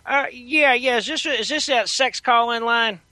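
A man's voice: extremely high pitch, unhurried, sharp tone, heavily acted. A man doing a smug folksy televangelist. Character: smug wealthy male televangelist, middle-aged.

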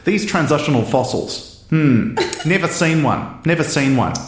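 A man's voice: fairly high pitch, animated, unhurried. This is a pompous creationist preacher, played by a man in a comedy sketch. He sounds smug, dismissive and sure of himself. The room rings with echo. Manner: smug, self-assured, dismissive.

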